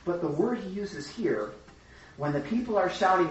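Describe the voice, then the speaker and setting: A man leading a group Bible study, teaching excitedly and acting out voices of the crowd as he goes. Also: sits high. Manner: excitable, acts out crowd voices, talks fast in bursts. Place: room with a small study group. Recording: echoey room, distant mic, dull lo-fi sound.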